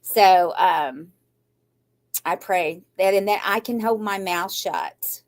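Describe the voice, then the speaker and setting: An older woman talks straight to her viewers. She rambles and sounds anxious, her voice shaky and near tears, then turns defiantly upbeat. Her voice sits in a plain middle pitch. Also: slow pace. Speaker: craft channel host. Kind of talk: emotional live chat to viewers.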